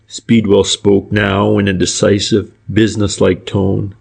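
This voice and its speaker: A male audiobook narrator with a fairly low voice, reading a classic crime novel. He tells the story in a measured, even way. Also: vocal fry, breathy edge.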